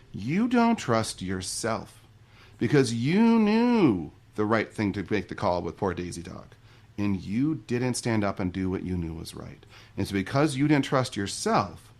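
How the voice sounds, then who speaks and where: A middle-aged man, a guest on a podcast, telling stories and explaining ideas in a relaxed, conversational way. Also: mid-range voice. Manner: fast, animated storytelling. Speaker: podcast guest, marriage coach.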